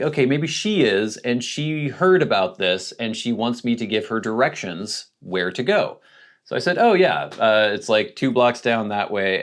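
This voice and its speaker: Lower-voiced man telling a story. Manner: animated, self-deprecating anecdote telling with quoted dialogue. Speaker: vlogger. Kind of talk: casual storytelling.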